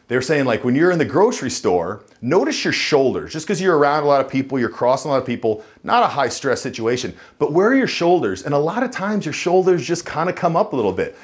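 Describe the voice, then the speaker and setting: A man coaching viewers to camera, speaking emphatically and dropping into a low chest voice to demonstrate. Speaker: dating and voice coach. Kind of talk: instructional talk to camera.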